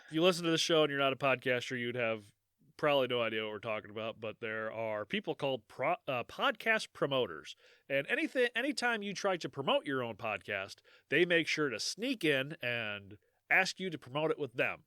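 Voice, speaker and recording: A man's voice: medium pitch, very animated, brisk, sharp tone, clean tone, no echo, studio quality. A man co-hosting a podcast in casual chat, joking and laughing often. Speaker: podcast co-host.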